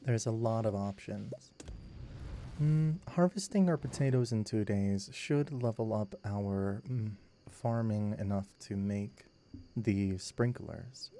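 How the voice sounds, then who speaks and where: Man, low and gravelly, slow soft sleep-time gameplay commentary, very mellow. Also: a little hiss or hum.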